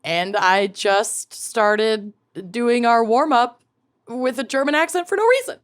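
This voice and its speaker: A woman co-hosting a podcast in casual chat, playful with quick reactions. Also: fairly high pitch, animated. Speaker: podcast co-host.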